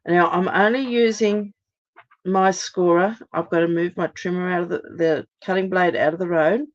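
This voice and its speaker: A hoarse, lower-pitched middle-aged woman talks viewers through a craft project step by step, chatty and full of ums. The audio sounds dull and muffled, like a home live stream. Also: steady tone, normal speed. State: hoarse, recovering voice. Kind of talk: live card-making demonstration.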